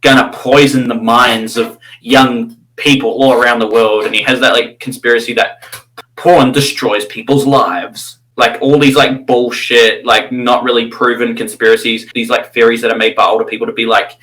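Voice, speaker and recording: Rambling Australian man with a bright voice. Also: mid-range voice, level tone, moderate pace, poor audio. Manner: crude, mocking, full of fillers and restarts. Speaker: channel host. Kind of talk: rambling casual commentary.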